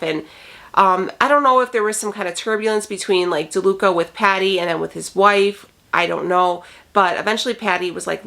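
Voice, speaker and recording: A woman casually telling a true crime story, acting out the people's lines in quick bursts. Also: medium pitch, a bit bright. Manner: chatty, acts out quotes in quick bursts.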